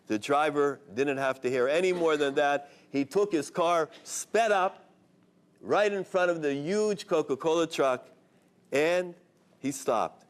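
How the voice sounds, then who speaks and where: A man, a rabbi, telling an inspirational story in an expressive voice, sprinkling in Hebrew terms. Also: fairly high pitch, unhurried, smooth.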